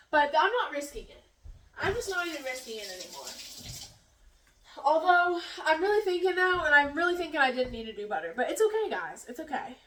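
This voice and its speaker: A woman's voice: high-pitched, fairly bright tone, recorded from a distance, a little hiss or hum. Chatty young woman, echoey off-mic kitchen. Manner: chatty, rambling, giggly. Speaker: vlogger. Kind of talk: casual storytelling while cooking. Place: home kitchen.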